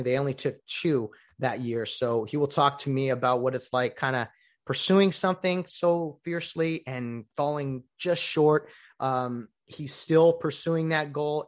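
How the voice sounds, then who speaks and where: A man hosting a casual solo show, rambling and acting out the lines he quotes. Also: mid-range voice. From United States. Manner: rambling, animated, acts out quoted dialogue. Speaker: podcast host.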